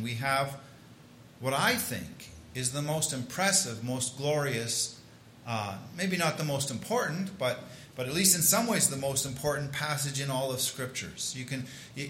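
A man's voice: mid-range voice, fairly bright tone, echoey room, a little hiss or hum. A man preaching a sermon in a conversational way, with restarts and asides. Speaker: pastor.

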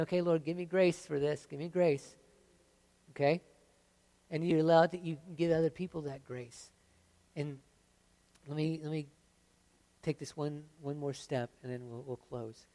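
A pastor's fairly high voice moves at normal speed, broken by long pauses, as he preaches conversationally. He repeatedly asks "right?" and "okay?" and moves back and forth between energetic emphasis and soft earnestness.

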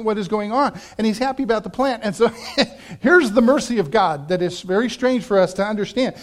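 A high-voiced pastor preaches a sermon built around a story, shifting animatedly and acting out the voices he quotes. Now and then he laughs.

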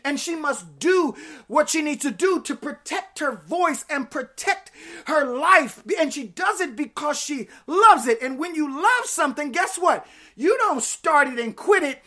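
High-voiced woman preaching a lively sermon. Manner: lively and conversational, with playful asides to the congregation. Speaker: pastor.

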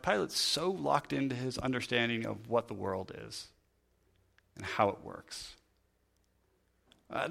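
A man's voice: fairly high pitch, a bit bright. A man preaching a sermon in a conversational way, thinking aloud and often restarting his sentences. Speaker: pastor.

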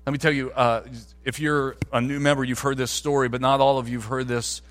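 A man's voice: medium pitch, flat delivery, fairly quick, a bit bright. A man, a pastor, preaching a sermon in a conversational way that climbs to emphatic peaks.

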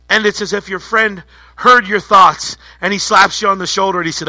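Bright-voiced preaching man. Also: high-pitched, steady tone, a little fast, no room sound. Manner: vivid second-person storytelling with repeated phrases. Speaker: pastor. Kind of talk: sermon.

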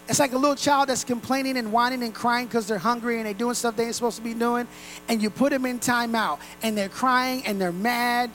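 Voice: medium pitch, fairly even intonation, brisk, a bit bright, slight background noise, rough recording. A pastor preaching a sermon to a congregation in a room, earnest and direct.

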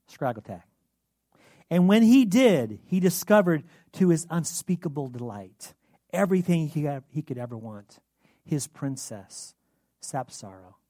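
A man's voice: on the high side, darkish tone, no room sound, studio quality. A man preaching a sermon as pastor, earnest and asking rhetorical questions.

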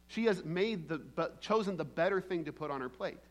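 A man's voice: fairly high pitch, animated, fairly quick, few pauses. A man preaching a sermon in a conversational way, often checking in with the congregation and acting out the quoted lines. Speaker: pastor.

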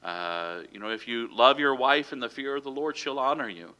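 A man's voice: mid-range voice, moderate pace, pushed and bright. A man preaching a sermon in a conversational way, with frequent fillers and self-corrections. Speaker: pastor.

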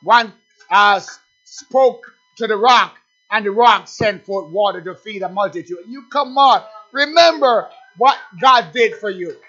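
A male pastor preaching a sermon, swinging between loud shouted declarations and low murmured asides. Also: unhurried, muffled recording.

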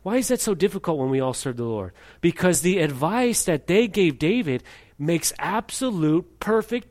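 A man preaching a sermon, animated, acting out voices in his story and reading scripture aloud. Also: fairly high pitch, normal speed. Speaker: pastor.

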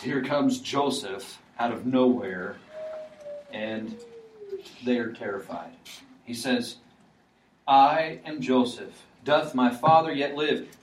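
A male preacher talks through a sermon in a loose, conversational way, stumbling over restarts and fillers. His voice sits at an ordinary pitch. He sounds echoey and picked up from a distance, like a mic across a church hall.

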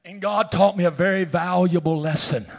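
A man preaching a sermon in church, telling a personal story and swinging from shouts down to hushed whispers. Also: high-pitched, steady tone, moderate pace, creaky. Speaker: pastor. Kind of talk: sermon testimony.

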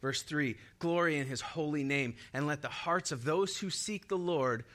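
A man's voice: a little high, moderate pace, a bit bright. A young man preaching a sermon in an upbeat way, laughing often and leading the congregation in call-and-response. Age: young adult.

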